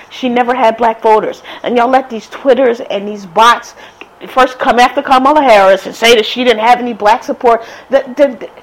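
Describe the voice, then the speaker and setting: A woman with a slightly high voice delivers a casual, heated rant full of profanity. She speaks, and her talk is blunt and loose. It sounds like an unscripted monologue. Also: rough recording. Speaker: political commentator. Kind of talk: casual ranting commentary.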